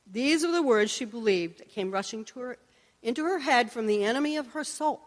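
A woman's voice: a little high, lively intonation, moderate pace. A woman teaching a sermon, telling earnest personal stories and acting out the voices of the people in them. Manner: earnest storytelling, acts out quoted voices. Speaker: Christian teacher and prayer minister. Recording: long echoey hall reverb.

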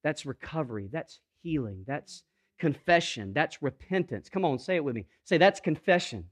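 A man preaching a sermon, moving from quiet, intimate passages to emphatic, rising calls to the congregation. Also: a little high, animated, normal speed. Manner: dynamic preaching, swings from hushed to emphatic. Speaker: pastor.

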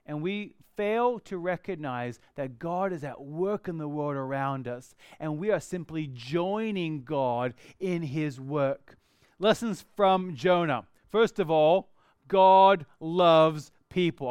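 A male pastor delivers a sermon in a high, ringing voice that stays smooth and clear. He reads scripture with emphatic rises and lively bursts. The sound is dry and close, with no room echo. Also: unhurried. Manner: expressive preaching, rising to emphatic bursts when reading scripture.

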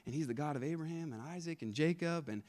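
Doubting Moses, stammering, fretful, fairly high voice, played by a male preacher. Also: quick pace, a little mellow, natural voice. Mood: amazed. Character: anxious, self-doubting biblical man Moses.

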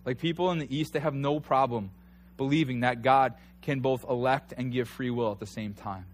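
A man in his thirties preaching a conversational sermon, telling stories with animated energy and rising to near shouts at times. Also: mid-range voice, moderate pace, slight background noise. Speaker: pastor.

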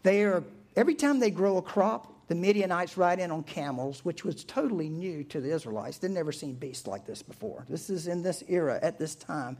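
Man preaching with animated storytelling. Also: fairly high pitch, fairly quick. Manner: animated storytelling, acting out quotes, chuckling. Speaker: pastor. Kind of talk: sermon.

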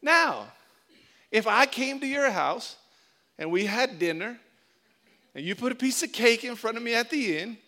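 A man's voice: very high-pitched, unhurried, long pauses. A man preaching a sermon as pastor, telling stories and acting out little scenes as he goes. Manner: animated storytelling, acts out little scenes.

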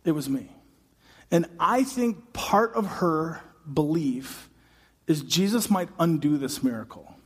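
A man with a high voice delivers a sermon from a church stage, retelling the story and slipping into its characters' voices. His words carry a long reverb from the hall around him. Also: animated, slow pace, slightly rough. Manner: dramatic, acts out voices, builds to shouting. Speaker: pastor.

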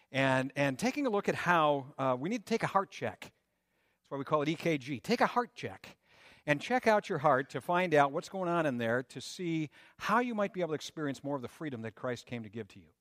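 A man's voice: medium pitch, animated, fairly quick, a bit bright, no room sound, studio quality. A man preaching a sermon, with rising emphasis, rhetorical questions and a conversational tone. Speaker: pastor.

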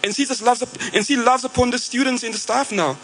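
High-voiced Australian man preaching. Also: quick pace, a bit bright, soft background music, low-quality recording. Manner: conversational storytelling with frequent fillers and restarts. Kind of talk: sermon.

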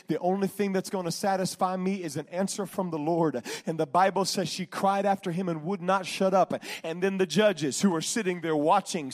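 A male preacher delivering a sermon, swinging between shouted exhortation and hushed, drawn-out lines. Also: fairly high pitch.

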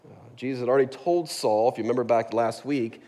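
A pastor with a mid-range, mellow voice talks fast as he preaches in a church sanctuary, keeping the sermon casual and jokey. He checks in with the congregation often, asking "right?" in a conversational way. Long hall reverb surrounds the recording.

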